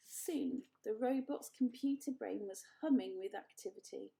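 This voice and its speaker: A woman reading a children's book aloud, in an expressive, gentle storytelling style. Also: a little high, a little slow, creaky, hardly any pauses.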